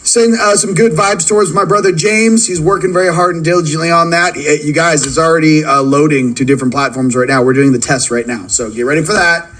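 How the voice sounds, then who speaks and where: A man hosting a livestream, mixing spiritual talk with excitable, laughing shout-outs to viewers' locations. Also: a little high, a little fast, hardly any pauses, low-quality recording. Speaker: livestream host.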